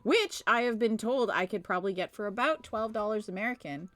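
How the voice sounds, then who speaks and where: A woman's voice: mid-range voice, lively intonation, a little fast, a bit bright, no echo. Chatty woman, dry close sound. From Canada. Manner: chatty, exasperated storytelling with playful teasing. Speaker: crochet live streamer. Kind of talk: casual live-stream chat. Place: home.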